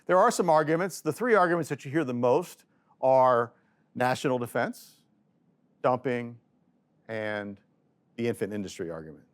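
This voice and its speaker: A man giving an economics lecture in a relaxed, conversational way, voicing quoted people with a lifted pitch. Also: moderate pace, pauses often. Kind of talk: casual video lecture.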